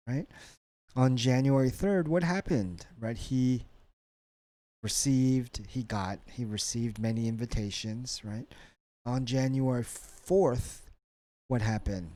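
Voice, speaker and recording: A man's voice: mid-range voice, warm tone, no echo. A man teaching a college English lesson, prompting students with a repeated "right?" after each cue word.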